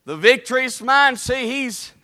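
A man preaching while voicing a smug, gloating devil in a low mutter, with a Southern US accent. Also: animated, a little slow, pushed and bright, full character voice.

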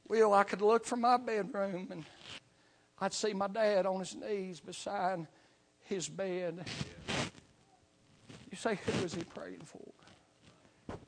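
A middle-aged man preaching a revival sermon and giving his testimony, dropping "amen" after nearly every phrase and swinging between shouting and hushed tones. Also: sits high. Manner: swings from shouting to near whisper.

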